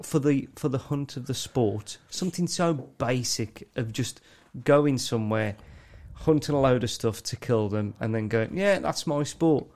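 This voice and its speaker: A man's voice: mid-range voice, a little slow, few pauses, darkish tone. A man co-hosting a casual podcast chat, sweary and laughing a lot, often mimicking voices in quotes. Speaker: podcast co-host.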